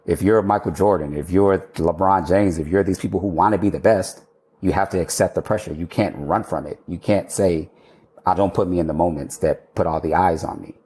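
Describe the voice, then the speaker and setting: An architect appearing as a podcast guest tells a candid, animated story in casual conversation, swearing now and then. His voice is deep and a little fast.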